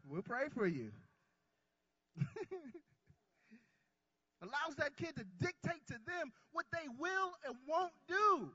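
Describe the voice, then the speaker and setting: High-voiced man preaching with call-and-response. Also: very animated, dry recording, muffled recording. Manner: drawn-out stressed words, swings between soft and loud. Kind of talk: sermon.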